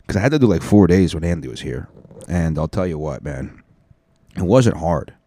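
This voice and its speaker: A man's voice: low-pitched, lively intonation, moderate pace, warm tone, breathy edge, no room sound. A young man hosting a solo podcast, talking in a loose, profane, rambling way. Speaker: podcast host.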